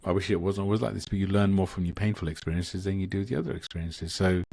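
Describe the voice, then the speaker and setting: Deep-voiced man, earnest and rambling. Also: quick pace, gravelly, darkish tone, dry recording. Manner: earnest, rambling with frequent restarts. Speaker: guest, Akashic Records channel. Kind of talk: casual spiritual conversation.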